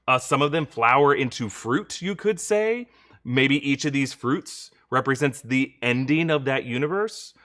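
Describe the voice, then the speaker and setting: Chatty male livestream host, bright tone. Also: mid-range voice, animated, measured pace. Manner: chatty, reads viewer questions, thanks donors. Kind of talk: live-stream reaction Q&A.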